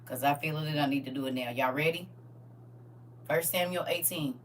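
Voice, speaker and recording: A woman hosting a live-streamed Bible study, tearful and emotional, chatting warmly and animatedly with her viewers and calling them baby and honey. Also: deep voice, brisk, distant mic, slight background noise.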